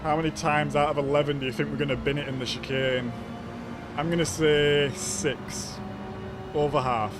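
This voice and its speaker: A man's voice: a little high, fairly even intonation, moderate pace, over music. A man streaming a racing game live, talking casually as he reacts to the race.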